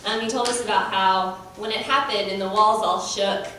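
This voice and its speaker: A woman, a mission team member, giving an earnest testimony with many pauses and fillers. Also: mid-range voice, steady tone, pushed and bright, slight background noise. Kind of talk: testimony at a church presentation. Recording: echoey hall from far off.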